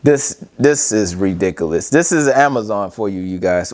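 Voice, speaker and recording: A man's voice: on the low side, lively intonation, normal speed, darkish tone. Chatty man hosting a home review vlog. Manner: chatty, addresses viewers directly, frequent "you guys" and "bro". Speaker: product review host. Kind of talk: casual unboxing vlog. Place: at home, unboxing furniture.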